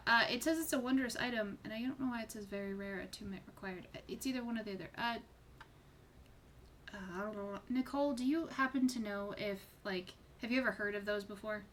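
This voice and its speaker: Bright-voiced woman game master. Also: medium pitch, a little fast, a little hiss or hum. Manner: descriptive, informal, swears casually. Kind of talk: narrating a tabletop game online.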